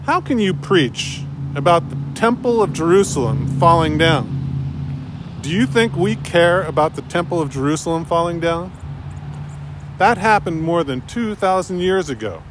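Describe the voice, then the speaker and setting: A man's voice: fairly high pitch, big pitch swings, moderate pace, noisy background. A man doing a teen boy, confrontational, a bit bitter, storybook reading. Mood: challenging. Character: sixteen-year-old boy, challenging and bitter.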